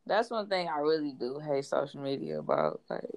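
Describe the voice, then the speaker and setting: Woman, podcast co-host, mocking, profane, low pitch. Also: wildly swooping pitch, normal speed, vocal fry. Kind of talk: casual podcast chat.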